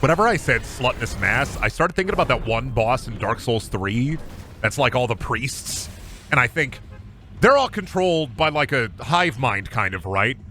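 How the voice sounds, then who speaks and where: A man's voice: mid-range voice, sing-song, normal speed, pushed and bright, a little hiss or hum. A man streaming a game in casual, crude, goofy commentary, rambling between jokes and trash-talk at opponents.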